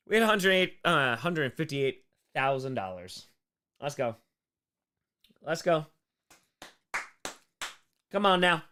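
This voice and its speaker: A young man hosting a charity livestream, chatting casually and telling silly made-up stories in a deadpan way. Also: a little high, takes it slowly, pauses often. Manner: playful, breaks into sudden loud shouted donor shout-outs. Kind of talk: casual live stream chat, improvising silly stories.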